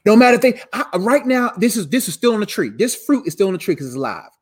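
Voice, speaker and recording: A man with a high, lively voice teaches scripture on a live stream, loose and slangy, circling back over his own words. He sounds tired but keeps the talk animated, with the pitch swinging up and down. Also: fast talker, breathy edge. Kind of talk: casual live Bible teaching.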